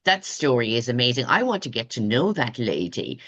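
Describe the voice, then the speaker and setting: A woman's voice: a bass voice, big pitch swings, brisk, highs cut off. A woman hosting a podcast, talking in an effusive, spiritual way about energy and passion. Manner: effusive, warm-hearted, spiritual. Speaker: podcast host. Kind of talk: casual interview chat.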